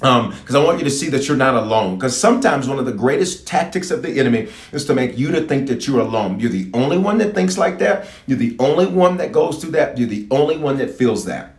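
A man preaching in a mid-range voice, a bishop leading prayer for viewers online. He keeps asking them to type and wave, and he repeats his key phrases. The room gives his voice a clear echo. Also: medium pitch, expressive, brisk, hardly any pauses. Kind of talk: livestreamed prayer sermon.

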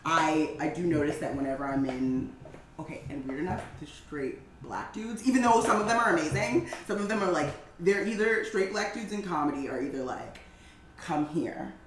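A woman comedian from Brooklyn, chatting on a podcast as a guest, telling lively stories and mimicking people as she goes. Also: sits low, fairly quick, roomy sound, slight background noise, low-quality recording. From Brooklyn, New York. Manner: animated, laughing storyteller, mimics people. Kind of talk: casual podcast chat.

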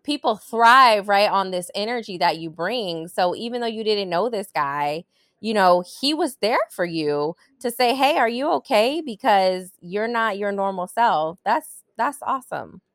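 A woman's voice: medium pitch, lively intonation, unhurried, fairly bright tone, no room sound, studio quality. A woman hosting an interview, speaking in an encouraging, affirming way and often asking "right?". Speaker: interview host. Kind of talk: supportive interview conversation.

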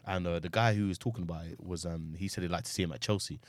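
A man's voice: sits low, steady tone, rapid-fire, no room sound. A man hosting a football podcast, leading a casual chat with slang and swearing. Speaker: podcast host.

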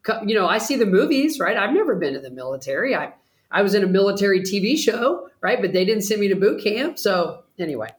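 A man's voice: high-pitched, sing-song, quick pace, echoey room. A man, a pet trainer guest, talking earnestly and persuasively in a casual interview.

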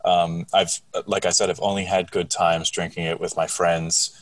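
Deep-voiced man arguing, off-mic. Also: little pitch movement, moderate pace, dry recording, far from the mic. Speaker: podcast co-host. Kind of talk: casual banter.

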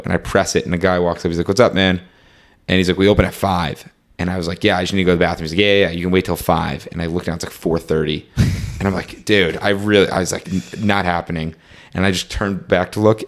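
A young man telling a long travel story in casual conversation, full of "like" and "um", acting out what he and his friends said. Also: low-pitched. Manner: rambling, fillers like "like" and "um", reenacts dialogue.

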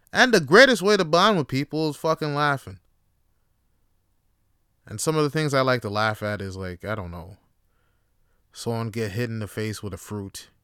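Man comedian, rambling profane monologue, crisp resonant voice, dry close sound. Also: medium pitch, no echo. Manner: profane, rambling, deadpan asides. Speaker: podcast host and comedian.

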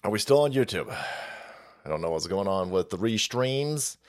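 A middle-aged man hosting a livestream, crude and rambling, joking and laughing, his voice fried and gravelly. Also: on the low side, animated, a little slow. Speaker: livestream host. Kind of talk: foul-mouthed political rant stream.

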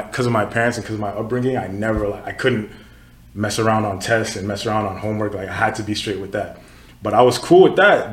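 This podcast host, a man in his twenties originally from Nigeria, has a voice on the low side that echoes around the room. He chats casually, telling easygoing stories heavy with fillers.

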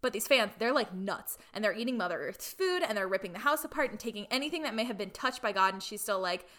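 Chatty woman w a bright crisp voice, says like a lot, cheeky little asides. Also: mid-range voice, lively intonation, fast. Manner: chatty, full of "like" fillers; playfully irreverent asides. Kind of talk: casual chat retelling a film plot.

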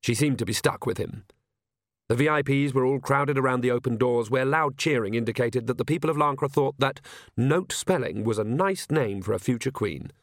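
A man's voice: mid-range voice, moderate pace, no echo. Man narrating an audiobook, dry sound.

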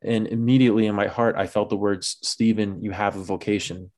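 A man's voice: lowish voice, steady tone, brisk, darkish tone. A young man telling a personal story in a casual, chatty way, with many filler words, laughing at himself now and then. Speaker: guest telling his vocation story.

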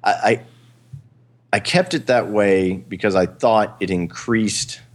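A man talks through ideas with a co-host in a casual, rambling way, full of fillers and restarts. His voice sits very low. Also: slow pace. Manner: rambling, hesitant, frequent fillers and laughs. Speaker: podcast host. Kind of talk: casual chat.

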